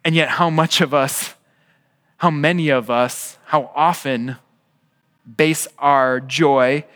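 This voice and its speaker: A man preaching a sermon at a church service, animated and asking the congregation rhetorical questions. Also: on the high side. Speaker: pastor.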